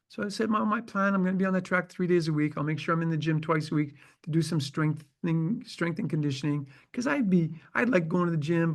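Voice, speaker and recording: A man in his seventies, a guest in an interview, telling a personal story in a lively way and acting out the dialogue he quotes. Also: on the high side, vocal fry. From Canada. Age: 70s.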